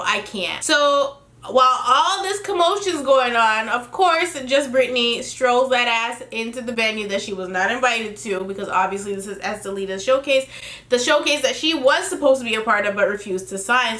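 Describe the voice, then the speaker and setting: Woman, high pitch, bright tone, animated and profane, laughing through a gossip recap, echoey room. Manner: animated, profane, laughing, quoting cast members. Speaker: reality TV recap vlogger. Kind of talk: casual episode recap.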